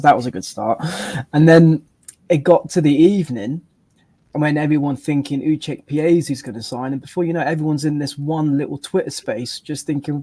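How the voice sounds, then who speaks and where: A man tells a relaxed anecdote as a guest in a casual chat. His voice sounds close and dry, with no room around it. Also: mid-range voice, no room sound.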